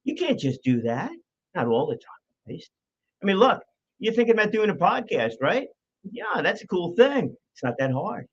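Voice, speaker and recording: A man's voice: high-pitched, sing-song, a little fast, highs cut off. A man hosting his own podcast, talking playfully with mock radio-voice moments and cutting himself off. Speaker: podcast host. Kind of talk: solo podcast talk.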